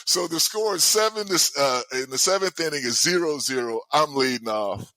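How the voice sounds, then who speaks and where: A man in his sixties telling stories as a guest in a casual chat, animated and often laughing. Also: fairly high pitch, moderate pace, no room sound. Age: 60s. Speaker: guest, former baseball player.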